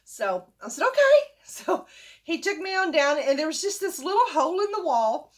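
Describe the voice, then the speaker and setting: A woman's voice: very high-pitched, normal speed. An older woman, chatting in a casual storytelling vlog and acting out the dialogue as she goes. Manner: chatty, animated, acts out the dialogue. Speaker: vlogger.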